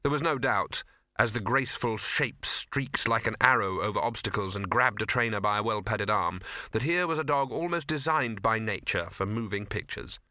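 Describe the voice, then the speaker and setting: A male audiobook narrator with a bright, forceful tone and wry, measured delivery. The recording is close and dead dry, with no room around him. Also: fairly low pitch, no echo. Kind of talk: scripted narration.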